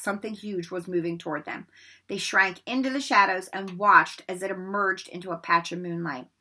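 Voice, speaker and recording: A woman reading a children's novel aloud, acting out the dialogue and dropping her voice for the suspenseful parts. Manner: expressive, lifts her voice high for the boys' lines and drops low for suspense. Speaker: read-aloud narrator. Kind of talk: storybook read-aloud narration.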